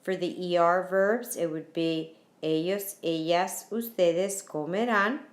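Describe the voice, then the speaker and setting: Slow, patient woman teacher, echoey room. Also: on the low side, fairly even intonation. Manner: patient, repeats key points, spells out endings letter by letter. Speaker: Spanish teacher. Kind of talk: recorded whiteboard lesson.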